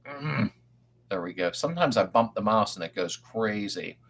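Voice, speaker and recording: A man's voice: fairly low pitch, expressive, moderate pace, a bit bright. An older man hosting a casual livestream, rambling in a folksy way as he answers viewers and greets them by name. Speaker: livestream host. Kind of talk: casual live-stream chat.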